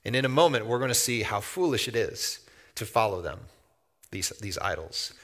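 A middle-aged male pastor preaching in a church sanctuary, his voice bright and forceful. He talks in a relaxed, conversational way, then rises into loud, emphatic outbursts. A long reverb trails behind every phrase. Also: fairly low pitch, normal speed. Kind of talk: sermon.

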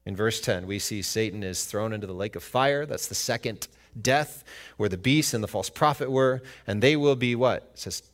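A man's voice: lowish voice, normal speed. Emphatic man preaching a sermon. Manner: emphatic, asks the congregation questions and answers them. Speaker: pastor.

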